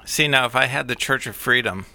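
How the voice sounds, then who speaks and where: A man in casual chat who cracks dry jokes and calmly retells a news story. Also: mid-range voice, a little fast, slight background noise.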